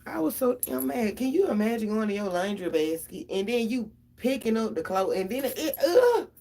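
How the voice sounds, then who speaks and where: A woman's voice: mid-range voice, expressive, brisk, vocal fry, warm tone. A middle-aged mother, venting casually and profanely straight to her viewers about her kids.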